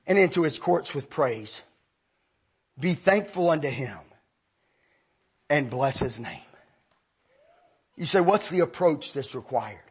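A man preaching a sermon, telling a story and then leading the room in hushed prayer. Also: mid-range voice, breathy edge.

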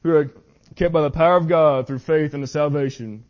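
A man preaching at a youth meeting, reading scripture slowly and earnestly, sometimes tripping over his words. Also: fairly high pitch. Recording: muffled lo-fi audio.

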